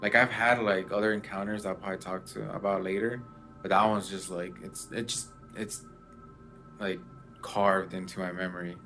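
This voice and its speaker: A man's voice: low-pitched, flat delivery, moderate pace, pushed and bright, soft background music. A man in casual chat, telling a story with lots of fillers and restarts. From Mexican family background. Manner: rambling, many fillers.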